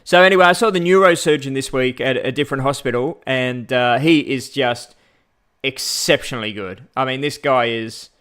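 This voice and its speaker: A man with an Australian accent chatting casually on a livestream, rambling with many fillers and pausing to greet viewers. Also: medium pitch, fairly bright tone, smooth. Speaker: vlogger.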